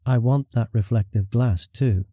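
A man voicing a simple-minded beaked beast man in an audiobook, speaking in a flat, literal, childlike way. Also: mid-range voice, unhurried, dry recording, clean studio sound, close to an everyday voice. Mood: blunt. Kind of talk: audiobook character voice.

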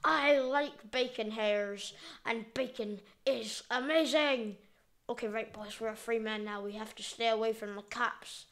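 Woman, gameplay commentary, high voice, slow delivery, goofy, jokey. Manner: goofy, jokey, playfully excitable. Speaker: gameplay video host.

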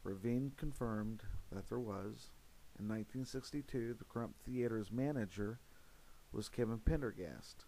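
Low, mellow-voiced male investigator narrator. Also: unhurried, vocal fry, a little hiss or hum, rough recording. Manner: steady, earnest, with frequent "uh" fillers. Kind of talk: narrated voice-over of recordings.

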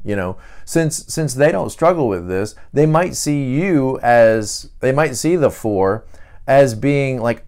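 A man's voice: medium pitch, darkish tone, smooth. A middle-aged man teaching in a conversational way, now and then acting out the voices he quotes. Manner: checks in with listeners. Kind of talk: teaching talk.

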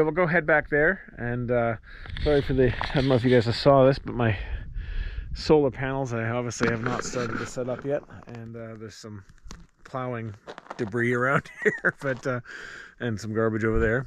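A man's voice: mid-range voice, steady tone, moderate pace, slight background noise. A man rambling casually as he vlogs his chores on a snowy farm, chuckling often. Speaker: homestead vlogger. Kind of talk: casual vlog chat.

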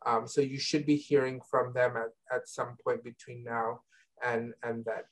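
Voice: medium pitch, flat delivery, normal speed, poor audio. A university advisor explaining admissions steps on a video call, with frequent ums and restarts. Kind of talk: online info session Q&A.

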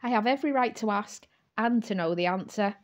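A woman's voice: mid-range voice, fairly quick, close to an everyday voice. A woman voicing a man who is the narrator's teasing best friend, in a storybook reading.

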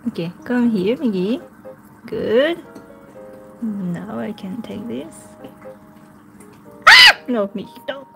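High lively woman coaxing her pet. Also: slow pace, gravelly, pauses often, loud music behind the voice. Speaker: pet vlogger. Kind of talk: casual pet vlog narration.

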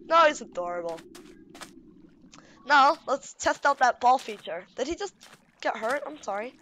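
A woman giving playful gameplay commentary on a game mod, excitable and gushing, baby-talking to her in-game pets. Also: fairly high pitch, a little slow, long pauses, a little hiss or hum. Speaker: YouTuber showing a game mod.

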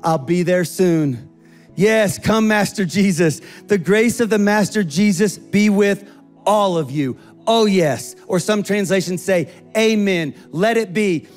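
Animated high-voiced man preaching. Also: unhurried, faint music behind. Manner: animated, acts out quoted voices. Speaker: pastor. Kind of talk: sermon.

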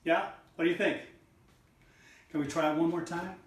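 A man's voice: on the high side, steady tone, normal speed, a little hiss or hum. A middle-aged man teaching body percussion in an online lesson, coaxing listeners to join in and chanting rhythm syllables. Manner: encouraging, coaxing call-and-response. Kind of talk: online music lesson for children. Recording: roomy sound, mic at a distance.

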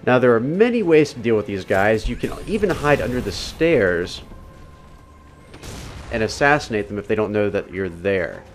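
A man's voice: lowish voice, very animated, moderate pace, soft background music. A man giving casual, step-by-step gameplay commentary as the voice-over for a game walkthrough. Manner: casual, instructive, talks the viewer through each step. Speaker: video game walkthrough narrator.

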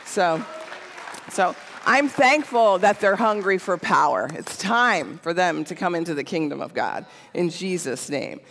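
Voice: mid-range voice, animated, unhurried, gravelly, a bit bright, some chatter behind, a little hiss or hum. A church speaker giving a casual teaching talk, conversational and often checking in with "okay?". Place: church sanctuary. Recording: long church hall reverb.

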